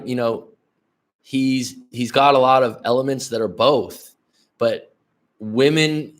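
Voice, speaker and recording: A man's voice: medium pitch, a bit bright. A middle-aged man coaching on dating in a casual livestream, blunt and profane, rambling with restarts and talking straight to viewers in the chat.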